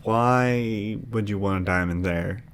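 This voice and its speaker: A man's voice: on the low side, slow, slight background noise. A man co-hosting a podcast in casual chat, laid-back and wry. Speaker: podcast co-host.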